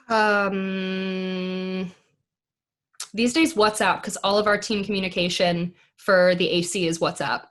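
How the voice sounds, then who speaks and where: A woman's voice: mid-range voice, steady tone, fairly bright tone. Chatty young American woman, bubbly. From United States. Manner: bubbly, lots of "like" and quick asides. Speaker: podcast guest, actress. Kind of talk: casual chat.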